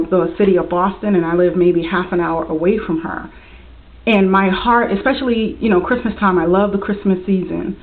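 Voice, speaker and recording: A young woman earnestly sharing a heartfelt personal message in a vlog, speaking with faith and warmth. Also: mid-range voice. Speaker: vlogger. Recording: tinny, phone-like lo-fi audio.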